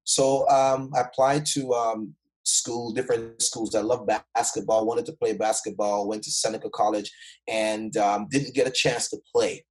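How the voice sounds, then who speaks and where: A man's voice: on the low side, little pitch movement, normal speed, rough recording. A man from Jamaica, a guest speaker, tells his life story in a conversation with energy and emphasis, often checking in with the listener.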